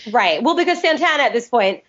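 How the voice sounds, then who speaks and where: A woman's voice: a little high, very animated, brisk, a bit bright. A woman co-hosting a casual chat, rambling and hedging with lots of "I don't know"s. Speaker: podcast co-host. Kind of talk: casual chat reviewing TV episodes. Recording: dull lo-fi podcast recording.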